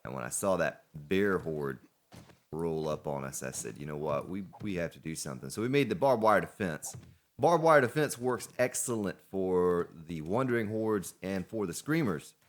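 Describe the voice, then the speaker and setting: A man's voice: deep voice, animated, normal speed. A man hosting a gaming let's play, chatting casually and rambling to himself as he plays. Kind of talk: casual gameplay commentary.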